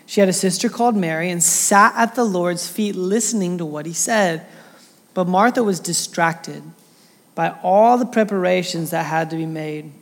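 A man's voice: high voice, normal speed, a bit bright. A man preaching, reading scripture aloud with dramatic voices for the quotes and then commenting in a casual way. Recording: long reverb of a hall.

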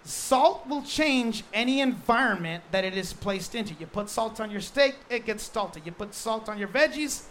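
A male pastor preaching a sermon in a lively, joking way, stressing points with quick repeated restarts. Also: high voice, a little hiss or hum.

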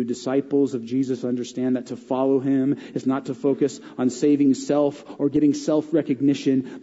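A man's voice: fairly high pitch, muffled recording. Man preaching in an echoey hall. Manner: storytelling, swings between lively and hushed. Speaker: pastor. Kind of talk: sermon.

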